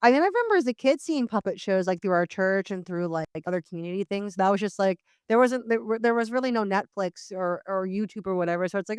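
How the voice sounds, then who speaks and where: A woman hosting a podcast in casual chat, animated and wry, full of "like" and "you know what I mean". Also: medium pitch, fast, few pauses, clean tone, dry recording, clean studio sound. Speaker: podcast host.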